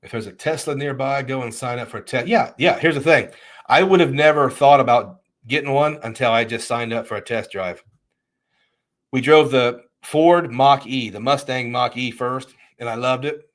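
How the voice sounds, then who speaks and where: A middle-aged man in an easygoing livestream chat with a voice of ordinary pitch. He rambles through viewer comments and often restarts his sentences. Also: normal speed, fairly bright tone. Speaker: livestream host.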